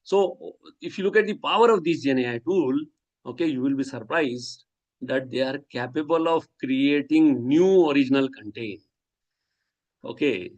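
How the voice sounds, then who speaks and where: A man's voice: medium pitch, highs cut off. A man giving a lecture, stressing key words and often adding "okay" and restarting phrases. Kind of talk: lecture on generative AI.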